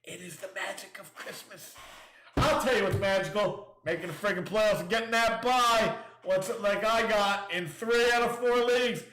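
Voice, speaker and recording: A man's voice: high voice, normal speed, a bit bright, reverberant, slight background noise. A male show host in a casual livestream rant, reading listings aloud and mocking them with crude, sarcastic jabs. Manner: reads listings aloud then riffs.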